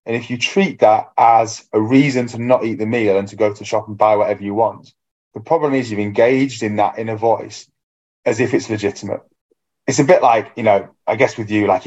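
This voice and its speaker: A man's voice: mid-range voice, darkish tone. A man, a fitness coach co-hosting a podcast, talking in a reflective, casual way and acting out his own inner voice. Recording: dull lo-fi sound.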